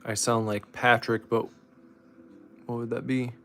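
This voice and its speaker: A man's voice: mid-range voice, level tone, unhurried, a bit bright, a little hiss or hum. A man co-hosting a casual build stream, joking dryly with his partner. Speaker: co-host. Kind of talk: casual chat while building.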